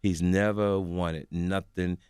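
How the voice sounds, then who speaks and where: Older man, lively storyteller. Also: low voice, slow, clear, resonant tone, dry recording, studio quality. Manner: excitable storyteller, acts out other voices, laughs while talking. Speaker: guest comedian. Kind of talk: animated radio interview storytelling. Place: radio studio.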